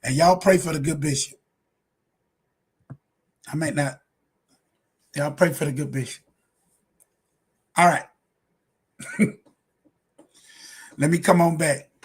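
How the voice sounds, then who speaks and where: Male ministry host, slightly high husky voice, impassioned and repetitive. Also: fairly even intonation, slow pace, long pauses. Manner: fiery, preacherly, laughs often, repeats lines for emphasis. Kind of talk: impassioned livestream commentary.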